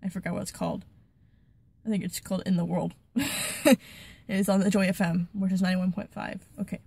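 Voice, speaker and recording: A woman hosting a casual Bible study video, retelling the story in a chatty, animated way. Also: medium pitch, vocal fry, slightly rough. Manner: chatty, animated, with quick restarts. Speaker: channel host, Bible study.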